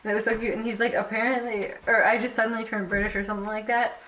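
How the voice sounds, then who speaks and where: A young woman vlogger recounting a concert in casual chat, full of "like" and quick laughs. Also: on the high side, flat delivery, fairly bright tone, a little hiss or hum. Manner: chatty, fillers of "like", giggly. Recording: echoey room, a bit far from mic.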